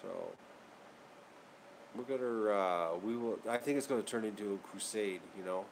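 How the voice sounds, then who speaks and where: A man's voice: lowish voice, normal speed, a little hiss or hum. A man hosting his channel, talking casually to viewers, rambling and repeating himself as he gets worked up. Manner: rambling and repetitive, getting worked up. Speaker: channel host. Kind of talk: casual vlog chat to viewers.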